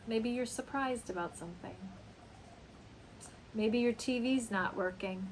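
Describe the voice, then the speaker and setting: A woman teaching an English lesson, speaking slowly and acting out example phrases with big, dramatic exclamations. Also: fairly high pitch, slight background noise, poor audio. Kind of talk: slow, emphatic English lesson.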